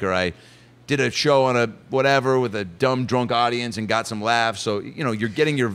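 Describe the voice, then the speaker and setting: A man in his thirties tells stories from his stand-up career in relaxed talk-show chat. He is animated and swears casually, and his voice sits at an ordinary middle pitch. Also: normal speed, smooth. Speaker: comedian guest.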